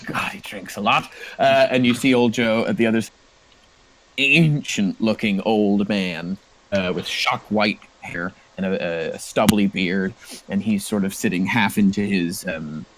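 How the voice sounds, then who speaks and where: A man's voice: fairly low pitch, fairly even intonation, a little slow, slight background noise, poor audio. A man narrating a tabletop role-playing game as game master, with many fillers and restarts.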